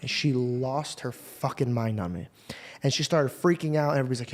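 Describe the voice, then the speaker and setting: A man's voice: fairly high pitch, expressive, fairly quick. A man hosting a podcast, telling stories in casual, slangy talk, earnest and often swearing. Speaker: podcast host. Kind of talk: casual storytelling chat.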